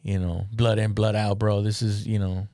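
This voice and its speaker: A man's voice: on the low side, little pitch movement, normal speed, warm tone, dry recording, clean studio sound. A man hosting a casual comedy podcast, thinking aloud with lots of fillers and restarts. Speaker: podcast host and comedian running a show.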